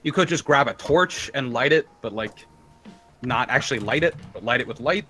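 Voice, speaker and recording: A man's voice: mid-range voice, lively intonation, moderate pace, over music, poor audio. A man narrating as game master of a tabletop game, describing scenes in a loose, descriptive way with many fillers.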